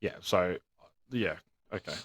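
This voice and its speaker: A man's voice: low voice, unhurried, a bit bright. A man, a podcast co-host trading blunt wisecracks in casual banter and mumbling his asides.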